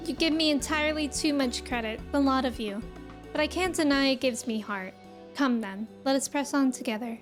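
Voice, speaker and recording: A woman reading the lines of an earnest, modest older male town leader in a fantasy game, in a measured, formal way. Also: high voice, soft background music, close to an everyday voice.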